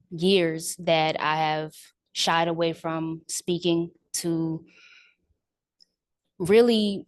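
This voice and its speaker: A woman answers an impromptu question at a speaking club, candid and reflective. Her voice sits a little low for a woman.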